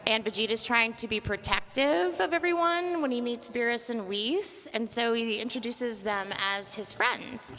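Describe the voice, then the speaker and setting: A woman who voices cartoon characters, telling a story in an animated way on a convention panel. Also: fairly high pitch, normal speed, hardly any pauses. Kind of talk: casual panel chat. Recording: echoey hall, faint noise.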